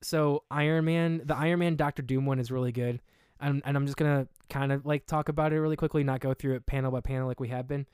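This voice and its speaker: A man co-hosting a casual podcast, retelling a story in an animated way, full of fillers and restarts. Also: medium pitch, fast, clean tone, no room sound, studio quality. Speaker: podcast co-host. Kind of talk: casual chat.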